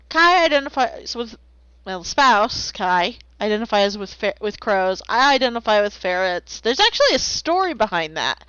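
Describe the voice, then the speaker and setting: Lively playful woman streamer. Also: mid-range voice, smooth, no echo. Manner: playful, rambling, makes silly sounds. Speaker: streamer drawing commissions. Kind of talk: casual stream chat. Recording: slightly dull lo-fi, dry.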